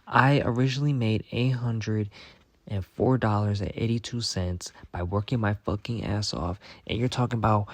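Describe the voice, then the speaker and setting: A man's voice: lowish voice, moderate pace, a little mellow, no room sound. A young man ranting in a casual storytime vlog, exasperated and repetitive, swearing often. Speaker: vlogger.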